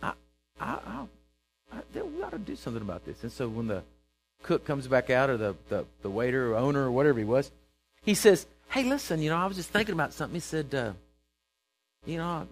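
Animated preacher man telling a story. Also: medium pitch, fairly quick, gravelly, soft background music, poor audio. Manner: animated, voices characters in the story, bursts of loud emphasis. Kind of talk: sermon with storytelling.

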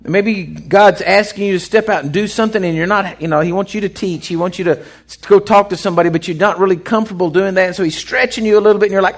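A man's voice: sits high, quick pace, hardly any pauses. A man preaching an off-the-cuff sermon, acting out voices as he goes. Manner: animated, acts out voices in his storytelling. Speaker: pastor.

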